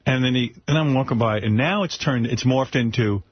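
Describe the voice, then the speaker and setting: A man hosting a casual comedic chat, telling stories and mimicking voices in an animated way. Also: mid-range voice, fairly quick, dry recording, highs cut off. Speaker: podcast host.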